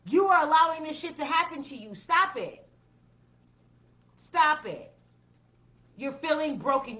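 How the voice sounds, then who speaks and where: A woman's voice: sits high, fairly bright tone, lo-fi sound. A woman giving a blunt, profane tarot reading, repeating her commands with emphasis. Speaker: tarot reader.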